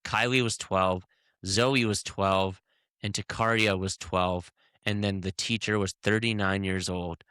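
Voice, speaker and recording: A man co-hosting a casual podcast, talking heatedly in halting bursts with many restarts. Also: deep voice, fairly even intonation, sharp tone, smooth, no room sound, clean studio sound. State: hiccups. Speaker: podcast co-host.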